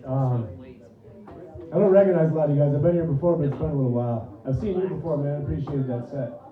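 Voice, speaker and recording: A man's voice: on the high side, fast. A man in his thirties doing a loose, profane stand-up comedy set on a club stage, often laughing at his own jokes. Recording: roomy, distant, dull club recording.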